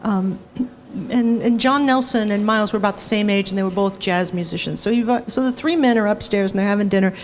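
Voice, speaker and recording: A woman, a former sound engineer, telling stories on stage to an audience in a lively, animated way. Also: mid-range voice, brisk, in a large hall, a little hiss or hum. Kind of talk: storytelling on stage.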